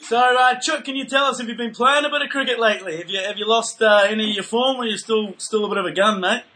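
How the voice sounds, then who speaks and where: A man's voice: high-pitched, fast talker. A man hosting a casual podcast, rambling in a laid-back way with many fillers. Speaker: podcast host. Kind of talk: casual chat. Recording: loud guitar music behind.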